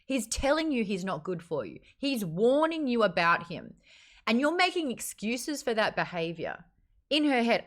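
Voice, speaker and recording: A woman hosting a casual live-streamed book club, talking bluntly, swearing freely and ranting in an animated way. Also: on the high side, moderate pace. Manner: animated, acts out quotes.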